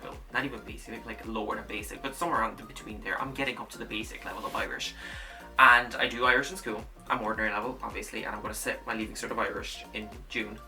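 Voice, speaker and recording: A student vlogger in his late teens, a native Russian speaker, talks casually about his studies in a lowish voice picked up by a distant mic. He rambles, restarts and repeats himself, correcting as he goes.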